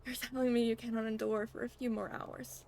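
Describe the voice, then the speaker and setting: Impatient male vampire sidekick, played by a woman. Gravelly and curt. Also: on the high side, level tone, a little fast, warm tone. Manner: curt and dismissive.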